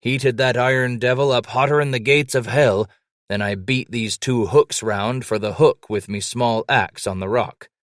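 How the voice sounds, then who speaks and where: A man voicing an old white-bearded mountain man who speaks in a loud, cheerful, folksy frontier drawl and quotes scripture. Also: measured pace, dry recording, studio quality, natural voice. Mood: jovial. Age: older. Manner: booming folksy frontier drawl, Bible-quoting.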